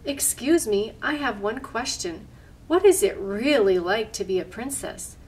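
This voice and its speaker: An earnest little girl, polite yet plucky, speaking her mind clearly, as a woman reads her part. She takes her time with each line. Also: on the high side, lively intonation, unhurried, a little mellow. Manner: polite but bold, earnest. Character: spirited young girl who dreams of royalty.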